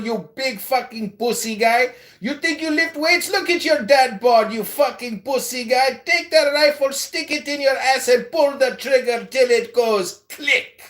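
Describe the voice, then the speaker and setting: A man's voice: very high voice, a bit bright. A man playing a crude, boastful rich Indian man in a put-on Indian accent on a prank call, hurling vulgar insults. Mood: threatening. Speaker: prank caller.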